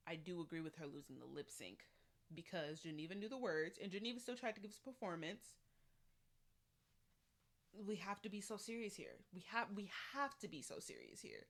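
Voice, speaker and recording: Young woman, lowish voice, expressive slangy show reviewer. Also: normal speed. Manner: animated and expressive, slangy, acts out quotes. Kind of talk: casual recap vlog.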